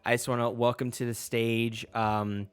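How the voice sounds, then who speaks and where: A man's voice: medium pitch, little pitch movement, moderate pace, smooth, lightly acted. Man voicing an upbeat club DJ on the mic. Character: short, muscular male club DJ, upbeat.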